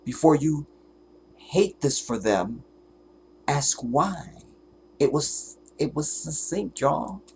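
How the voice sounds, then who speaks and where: A man hosting his own livestream, speaking in an emotional monologue. He sounds fervent and tearful as he holds back crying, often halting and dropping to a whisper. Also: on the high side, expressive, slight background noise. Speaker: livestream host.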